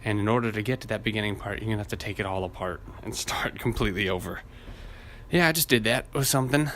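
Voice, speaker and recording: A man's voice: fairly low pitch, fast, a bit bright, slight background noise. Rambling, profane man on a solo podcast. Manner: profane, rambling, laughs at himself. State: hot and sweaty. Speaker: podcast host. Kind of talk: casual solo podcast rant.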